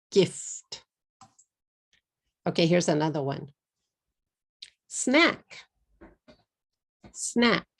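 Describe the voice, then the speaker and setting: A middle-aged woman with a Texas accent teaching English pronunciation, repeating words slowly and clearly for learners. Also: on the low side, a little mellow. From Texas, USA. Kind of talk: pronunciation lesson.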